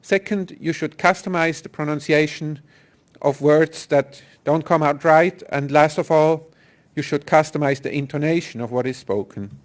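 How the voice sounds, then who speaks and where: A man's voice: a little high, moderate pace. A man giving a technical conference talk, explaining step by step with some fillers and restarts. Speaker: software engineer presenter.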